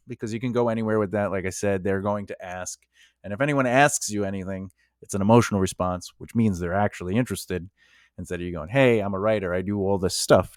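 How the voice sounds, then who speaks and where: A man's voice: fairly low pitch, lively intonation, brisk, dry recording, studio quality. A male screenwriter talking casually to camera, giving advice on writing and acting out little exchanges as he goes. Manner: conversational, acts out quoted exchanges.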